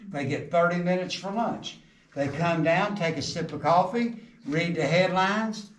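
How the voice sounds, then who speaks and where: Guiding a tour deep in a coal mine, a middle-aged man speaks at a measured pace in a fairly high, slightly bright voice that bounces off the tunnels. He jokes, spins folksy tales and quizzes his group, heard from afar with faint noise behind him.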